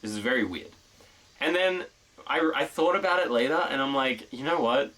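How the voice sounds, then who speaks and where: A man's voice: medium pitch, animated, moderate pace, pushed and bright, distant mic, poor audio. A young man streaming a casual chat, rambling with lots of fillers and freely swearing.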